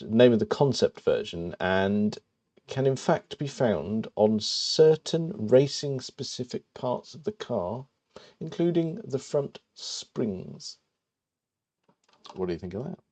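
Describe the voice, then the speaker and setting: A man's voice: medium pitch, mellow. A man co-hosting a podcast, dry and hesitant, reading out quiz statements. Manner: dry, hesitant with frequent ums. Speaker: podcast co-host. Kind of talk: casual chat, quiz host.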